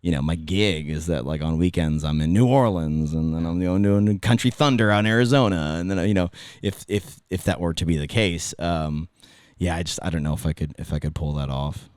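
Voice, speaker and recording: Low-voiced rambling Californian man. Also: fairly quick, darkish tone, clear, resonant tone, no echo, clean studio sound. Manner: rambling, self-interrupting storyteller. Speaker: podcast guest, former radio host and event emcee. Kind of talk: casual podcast conversation.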